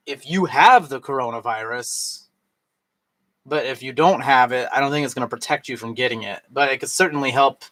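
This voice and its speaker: Man, tipsy, rambling live stream chat, casual, middle-pitched, lots of fillers. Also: fairly bright tone. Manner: rambling, loose, full of fillers and restarts. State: tipsy from drinking.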